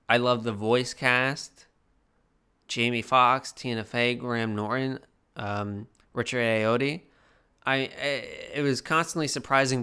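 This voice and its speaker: Young male reviewer, tipsy and profane, rambling, bright clear voice. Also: mid-range voice. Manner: rambling, profane, animated, with many restarts. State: slightly tipsy. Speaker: film reviewer. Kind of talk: casual video review.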